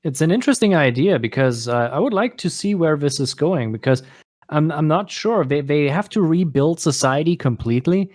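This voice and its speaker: German-accented male co-host, fairly high voice with lively pitch, halting delivery, dry close sound. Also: no room sound. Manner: hesitant, repeats words while searching for them. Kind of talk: casual podcast chat.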